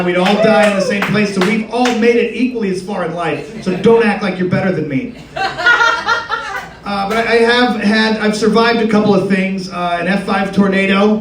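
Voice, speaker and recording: Young male stand-up comic, high-pitched, crude and rambling, roomy live club audio with crowd noise. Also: recorded from a distance. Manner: crude, rambling, conversational, swears a lot. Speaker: stand-up comedian. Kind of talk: stand-up comedy set. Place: live comedy club stage with audience. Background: audience laughter.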